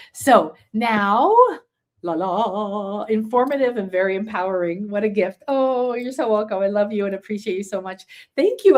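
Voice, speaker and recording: This is a woman with a slightly high, somewhat mellow voice, teaching a live online spiritual class from a computer setup with screen sharing. She's a chatty, rambling storyteller, full of fillers and restarts, who reads out viewer comments and responds to them in this casual live-streamed session.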